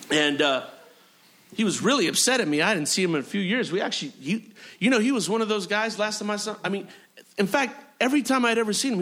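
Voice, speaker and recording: A male pastor with a high, bright, ringing voice preaches to his congregation. He leans on repetition, stacking phrase after phrase and punctuating them with amens and hallelujahs. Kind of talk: sermon. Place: church sanctuary.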